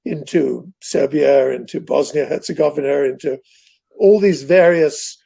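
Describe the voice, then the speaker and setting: A man's voice: fairly high pitch, measured pace, creaky, warm tone, slightly rough. An older man, a guest author telling long, rambling anecdotes in an interview. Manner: rambling anecdotal storyteller, digressive. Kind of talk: interview conversation.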